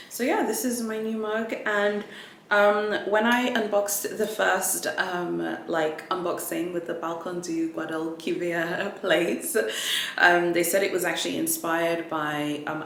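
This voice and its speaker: A woman vlogger chatting casually through an unboxing, animated and full of fillers. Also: fairly low pitch, a little slow, gravelly. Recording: echoey room with faint ambient noise.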